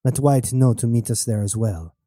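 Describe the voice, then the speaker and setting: A man voicing a brooding, hurt male space traveler who speaks in a subdued, low, quiet way in a radio drama. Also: moderate pace, no room sound, studio quality, lightly acted. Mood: calm.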